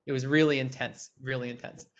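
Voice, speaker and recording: A young man teaching an online puppetry workshop, talking animatedly and breaking into quick puppet voices. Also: medium pitch, flat delivery. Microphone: video call. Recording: dull lo-fi online call audio.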